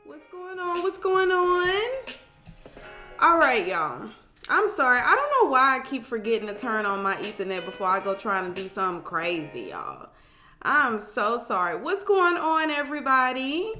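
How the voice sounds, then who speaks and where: A woman's voice: a little high, pushed and bright, echoey room. A woman hosting a casual live stream from home, chatting with viewers, greeting them by name and calling them child and boo.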